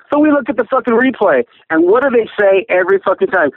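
A man's voice: high-pitched, animated, fast, hardly any pauses, no room sound. A man phoning in an angry, profane rant, cursing constantly. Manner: profane, furious ranting. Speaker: caller. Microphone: phone. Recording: tinny phone line.

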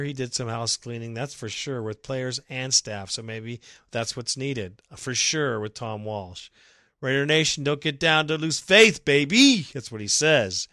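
A man's voice: mid-range voice, a bit bright, dry recording, studio quality. A man hosting a fan podcast, reading listener messages and ranting about his team's loss, sarcastic and exasperated, sometimes breaking into laughter.

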